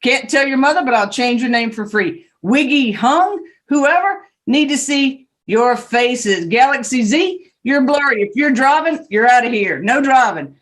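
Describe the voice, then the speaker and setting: A woman judge with a Southern US accent giving brisk, stern and joking courtroom instructions over a video call. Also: high voice, animated.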